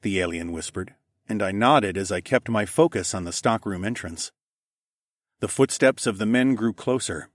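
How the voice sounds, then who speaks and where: A man with a low voice reads a first-person audiobook. His telling is steady and matter-of-fact. The recording is dry and close. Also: no echo. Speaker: narrator.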